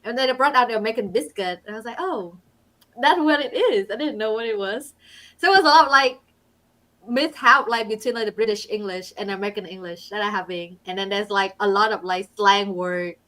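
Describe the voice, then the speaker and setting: A woman from Vietnam whose first language is Vietnamese, talking casually on a panel and sometimes pausing to find her words. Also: medium pitch, sharp tone. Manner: halting, searching for words. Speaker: international student guest.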